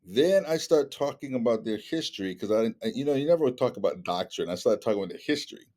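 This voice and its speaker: A middle-aged man chats in a relaxed, conversational way and slips into other people's voices whenever he quotes them. His pitch sits in the ordinary middle but moves around a lot, so the telling sounds lively and animated. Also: fast. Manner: animated, acts out dialogue with shifting voices. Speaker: guest speaker. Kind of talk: storytelling in casual conversation.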